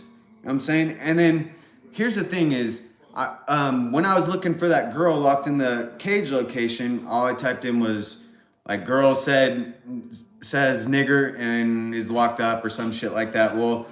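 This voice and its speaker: A man from California with a Californian accent, talking in a rambling, profane monologue that keeps circling back on filler phrases. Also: mid-range voice. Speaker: vlogger. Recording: roomy echo.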